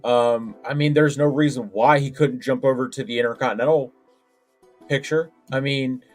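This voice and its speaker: A man's voice: medium pitch, steady tone, moderate pace, faint music behind. A man co-hosting a casual wrestling podcast, talking in a hesitant way with many fillers and restarts. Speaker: podcast co-host.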